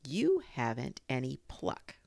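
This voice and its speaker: A woman's voice: extremely low pitch, huge pitch swings, creaky, dark tone, no echo, full character voice. Woman doing a bossy know-it-all rabbit. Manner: brisk, commanding, condescending. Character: bossy clever male rabbit, self-important.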